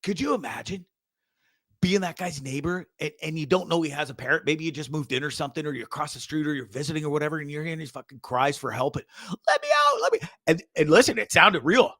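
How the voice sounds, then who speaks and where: A man's voice: a little high, quick pace, pushed and bright, dry recording, studio quality. A man hosting a show, casually commenting on videos with frequent swearing, stammered repeats and laughter. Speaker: show host.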